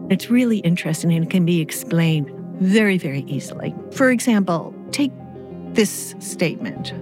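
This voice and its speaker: A woman explaining ideas carefully in a conversation, thoughtful and measured, pausing as she works through examples. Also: lowish voice, animated, music in the background. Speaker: guest expert.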